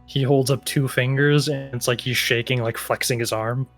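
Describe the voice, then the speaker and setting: A man narrating as game master in a tabletop role-playing game, describing characters' actions in a relaxed way. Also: medium pitch, moderate pace, soft background music.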